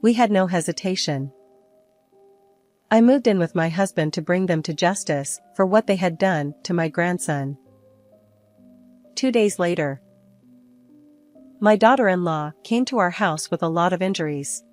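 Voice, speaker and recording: An older woman calmly narrating a story in the first person. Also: fairly low pitch, a little slow, long pauses, no room sound, faint music behind. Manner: calm, even storytelling. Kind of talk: scripted narration.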